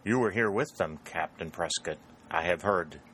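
A man voicing a proud, pale young woman who is cool and guarded, in a measured, reserved way in a read-aloud story. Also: sits low, a bit bright, a little hiss or hum.

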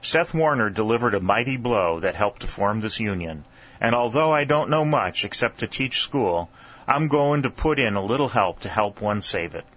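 A man's voice: on the low side, animated, normal speed, a bit bright, dull audio. A man voicing a bookish young schoolteacher turned soldier who speaks in precise, formal, pedantic phrases. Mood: precise, proud.

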